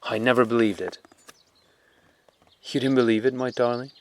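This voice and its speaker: A man's voice: mid-range voice, fairly even intonation, normal speed, a little hiss or hum, pitched above the performer's own voice, natural voice. A man reading a tender, tearful mother. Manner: soft, emotional, choked tenderness.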